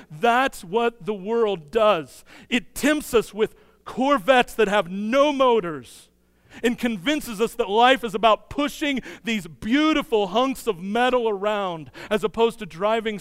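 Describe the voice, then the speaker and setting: A man delivers a sermon in a high, smooth voice, slipping into quick acted-out dialogue as he tells his story. His voice carries a long reverb from a large hall. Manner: animated storytelling, acts out dialogue in quick bursts. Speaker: pastor.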